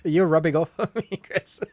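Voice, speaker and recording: A man's voice: high-pitched, husky, dry recording. A man co-hosting a movie podcast in casual chat, wry and teasing, laughing often. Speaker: podcast co-host.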